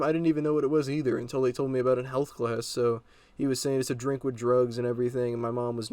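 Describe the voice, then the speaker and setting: A man's voice: mid-range voice, little pitch movement, fast, dark tone, dry recording. A young man casually telling a story, rambling and exasperated with lots of fillers.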